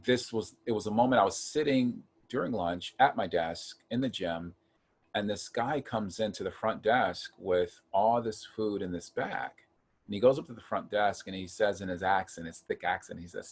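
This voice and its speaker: A man from Ohio earnestly telling a personal story of hard times in a casual chat, getting animated when he acts out quotes. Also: fairly low pitch, moderate pace, slightly rough. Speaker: guest.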